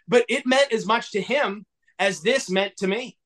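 A man from southwestern Pennsylvania, a podcast guest and toy collector, telling a story in a casual, animated way and acting out the dialogue. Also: moderate pace. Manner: animated, acts out dialogue with big swings in pitch.

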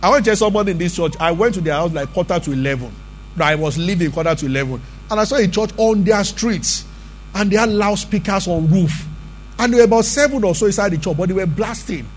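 A man's voice: high-pitched, animated, fast talker, slight background noise. A man preaching a sermon as pastor, emphatic and conversational, often asking the congregation questions.

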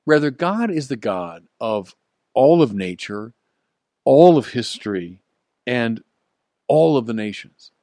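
A man preaching a sermon at an unhurried, deliberate pace. His delivery is earnest and emphatic, and he lifts his voice to drive points home. The recording is close and dry. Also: mid-range voice, sing-song, no room sound. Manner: earnest, emphatic, with rising emphasis and soft chuckles.

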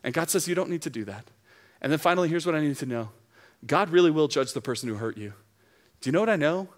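A man preaching to a young adult crowd, his voice sitting a little higher than most men's. He talks earnestly and drives each point home through repetition. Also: lively intonation, fast. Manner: earnest, emphatic preaching with repeated phrases. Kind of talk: sermon.

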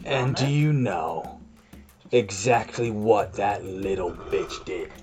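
A man's voice: lowish voice, slow pace, darkish tone, faint music behind. A man voicing a furious half-orc woman caravan guard who snarls out taunts and accusations. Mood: accusing.

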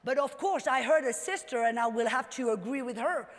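A woman preacher giving an animated sermon that builds up to shouts. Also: fairly high pitch, brisk, in a large hall.

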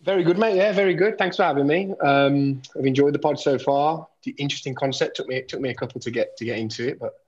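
A man's voice: mid-range voice, fast, few pauses, darkish tone, husky, muffled recording. A man, a guest on a football podcast, easygoing and hesitant, with many ums. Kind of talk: casual football podcast chat.

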